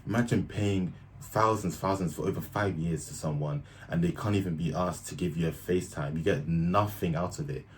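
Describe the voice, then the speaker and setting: Deep-voiced young man, blunt and slangy. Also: moderate pace, a little hiss or hum. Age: young adult. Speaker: reaction video host. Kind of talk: casual reaction commentary.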